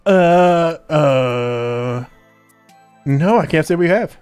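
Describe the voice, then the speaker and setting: A man's voice: fairly high pitch, extremely slow, a little mellow, clean tone, dry recording, soft background music, voice pushed up. A man doing a flustered, stammering young boy. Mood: nervous. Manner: hesitant, stammering.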